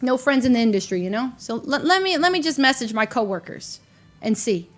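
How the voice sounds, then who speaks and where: A woman streamer with a slightly high voice chats casually with her viewers. She rambles in an animated way, pokes fun at herself, and often trips over and restarts her sentences. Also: fairly quick, soft background music. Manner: rambling, animated and self-deprecating, with frequent restarts. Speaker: livestreamer.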